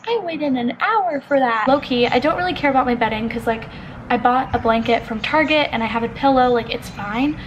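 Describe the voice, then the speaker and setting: High-voiced chatty young woman vlogger. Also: a little fast, slight background noise, rough recording. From California. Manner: chatty, filler-heavy, animated retelling with lots of "like". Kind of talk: casual get-ready-with-me storytelling.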